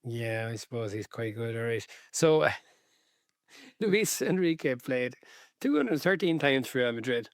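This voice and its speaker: Relaxed, wry man chatting football. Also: medium pitch, measured pace, no echo, studio quality. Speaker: podcast co-host. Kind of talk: casual football podcast chat.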